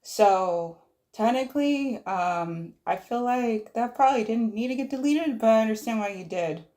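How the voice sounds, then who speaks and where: A woman's voice: a little high, expressive, moderate pace, mellow. A woman hosting a casual livestream, reading viewer messages aloud and musing on them. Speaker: livestream host. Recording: roomy echo.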